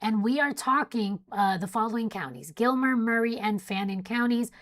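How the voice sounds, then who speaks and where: A woman's voice: fairly high pitch, moderate pace, fairly bright tone. A young woman hosting a casual live weather stream, reading out storm warnings and chatting with viewers while sleepy and yawning. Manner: chatty, reads warnings then jokes with chat. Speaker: weather livestream host.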